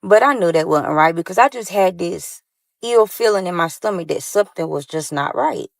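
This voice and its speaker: A young woman tells her story in a lively, animated way, often turning to the audience with y'all. Her voice sits a little low. The recording is dry and close. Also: normal speed, vocal fry, dry recording. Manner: animated, addresses listeners as y'all. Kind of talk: story time monologue.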